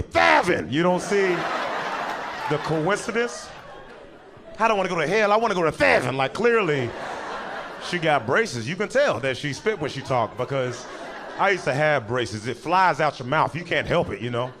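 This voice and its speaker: A man doing a stand-up comedy set on a club stage, animated, now and then jumping into high squealing voices for other people. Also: background noise. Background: audience laughter.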